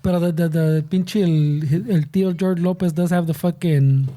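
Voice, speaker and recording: A man's voice: on the high side, steady tone, moderate pace, mellow. A man with a Mexican-American accent co-hosting a podcast in casual chat, talking in slangy, mixed Spanish and English. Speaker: podcast co-host.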